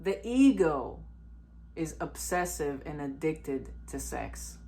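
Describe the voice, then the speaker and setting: A woman's voice: low-pitched, lively intonation, slow, very noisy. A woman vlogger giving a blunt, profane, emphatic self-help monologue.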